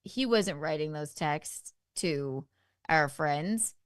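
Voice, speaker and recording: A woman's voice: low voice, lively intonation, slow pace, no echo, studio quality. A woman guest on a casual talk show, talking in an exasperated, emphatic way and swearing freely. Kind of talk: casual podcast chat.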